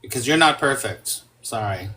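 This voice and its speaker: A man's voice: mid-range voice, animated, moderate pace, bright, forceful tone. A man talking as a guest in a casual conversation, emphatic, swearing freely and acting out quoted speech.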